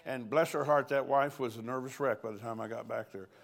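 A man's voice: medium pitch, fairly even intonation, a little fast, vocal fry. Folksy older man preaching a sermon. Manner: folksy, anecdotal, chuckles between lines. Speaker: pastor. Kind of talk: conference sermon with storytelling.

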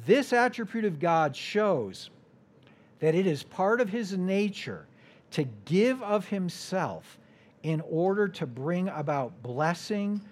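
American male guest preacher, sermon, deliberate and animated, trails off quietly at phrase ends. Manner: deliberate, drops to a soft low voice at phrase ends.

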